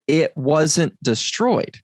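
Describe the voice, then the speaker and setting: Deliberate, emphatic male podcast teacher. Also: on the high side, big pitch swings, no room sound. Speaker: podcast host.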